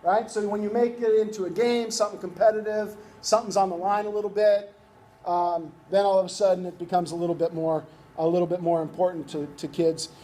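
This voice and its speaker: The instructor's voice sits high, brisk and steady, with a dark tone. He's teaching youth baseball coaching in a conversational workshop, checking in with "right?" again and again.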